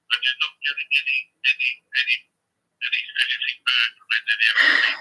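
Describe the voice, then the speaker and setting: A woman councillor on a phone call, asking calm, hesitant questions and repeating words as she goes. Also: rumbling low, fast, slightly rough.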